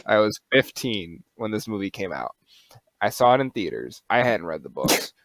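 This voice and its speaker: A young man co-hosting a podcast, chatting casually, animated and quick to swear and laugh. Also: lowish voice, no echo. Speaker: podcast co-host. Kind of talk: casual chat.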